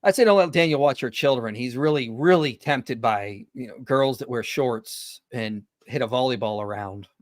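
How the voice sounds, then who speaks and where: A man's voice: mid-range voice, moderate pace, few pauses, no echo, studio quality. A man in his thirties hosting a casual online panel discussion, talking loosely with many fillers and a dismissive tone. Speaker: host.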